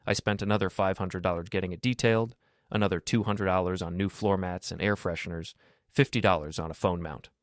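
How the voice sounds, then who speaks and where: Low-voiced guy reading a first-person story, steady and matter-of-fact, dry close sound. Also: a little fast, no room sound. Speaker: narrator.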